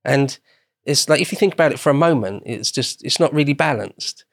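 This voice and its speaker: Casting English male podcast guest, mid-pitched, rambling, self-correcting storyteller, dead-dry close mic. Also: animated, fairly quick, no room sound. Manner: meandering, circles back and rephrases often. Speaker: podcast guest explaining history. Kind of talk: casual podcast conversation.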